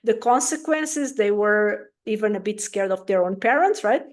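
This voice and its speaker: A woman giving an interview as a parenting coach, explaining calmly and acting out parents' voices in little quotes. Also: medium pitch, normal speed.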